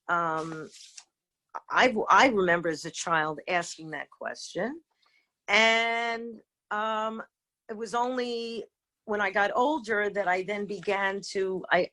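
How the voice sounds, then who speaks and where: A middle-aged woman teaching an informal online lesson over a video call, talking in a halting way with many fillers and restarts. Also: medium pitch, fairly bright tone. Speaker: rabbanit teaching a seder talk. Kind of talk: informal virtual lecture.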